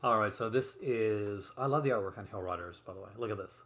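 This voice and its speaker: A man's voice: fairly low pitch, quick pace, a bit bright. A man hosting a casual live stream, chatty and rambling as he shows off movie releases at home. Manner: chatty and rambling, many fillers and asides. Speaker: host showing physical media releases. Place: room at home. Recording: roomy echo, faint room noise.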